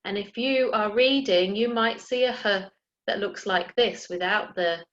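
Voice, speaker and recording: A woman teaching an early years phonics lesson, sounding out letters slowly and clearly and encouraging young children. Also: medium pitch, a bit bright, highs cut off. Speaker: primary school teacher.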